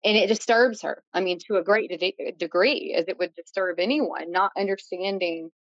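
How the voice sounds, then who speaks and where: A woman in her late thirties tells a frightening story from her youth as a podcast guest. She talks in an animated way, acting out what people said and filling gaps with "like" and "you know". The audio is dull and lo-fi, with a dry, close sound. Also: mid-range voice, normal speed, dry recording. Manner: animated storytelling, acts out quotes, many fillers. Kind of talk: recounting a paranormal story.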